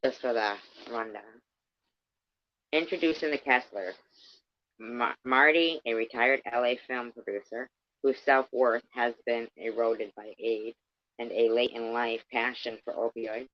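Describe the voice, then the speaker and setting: A woman's voice: very deep voice, fairly even intonation, measured pace. Profane rambling woman reading aloud. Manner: rambling, profane asides, stop-start reading. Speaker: channel host. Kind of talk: reading a book aloud and reacting. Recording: dull lo-fi dry sound.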